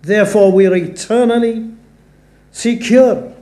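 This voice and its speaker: A man preaching in a church, his delivery slow and deliberate. His voice is mellow and dark, and it rings out into a roomy, echoing sanctuary. He leans on each quoted verse with earnest emphasis. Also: high-pitched, steady tone. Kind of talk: sermon. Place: church or chapel. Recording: echoey church room.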